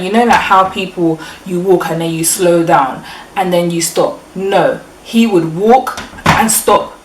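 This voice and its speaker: Young London woman vlogger, lowish voice, animated casual storytelling, distant mic, faint background hum. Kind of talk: storytime vlog. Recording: echoey room, mic at a distance.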